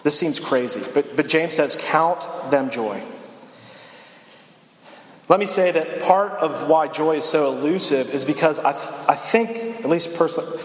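A young man giving a sermon as a campus minister, conversational and self-deprecating, often restarting his sentences. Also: fairly high pitch. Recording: echoey hall reverb.

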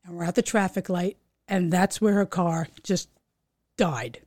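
A middle-aged woman, co-hosting a podcast and telling a story in casual chat, animated, swearing and acting out voices. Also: lowish voice, measured pace, dry recording, clean studio sound. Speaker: podcast co-host.

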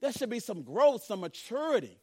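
A man in his fifties preaching a sermon, chatty and laughing, swinging from loud emphatic calls to hushed pleading and repeating phrases for emphasis. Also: high-pitched, very animated, normal speed, slightly rough. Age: 50s.

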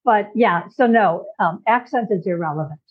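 A woman's voice: mid-range voice, normal speed, husky. A middle-aged woman from Chicago, a guest expert, patiently explaining ideas with examples in conversation. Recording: tinny phone-like call audio.

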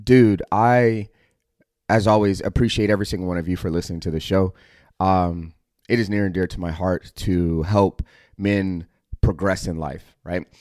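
A man's voice: low-pitched, fairly even intonation, moderate pace, darkish tone, no room sound, studio quality. A middle-aged American man hosting a podcast, delivering a blunt, aggressive motivational monologue full of profanity. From United States. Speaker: podcast host.

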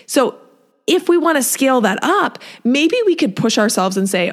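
A woman's voice: fairly high pitch, normal speed. A woman fitness coach talking casually and encouragingly, often acting out what her clients say. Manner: chatty, encouraging, acts out clients' voices. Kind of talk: solo podcast talk.

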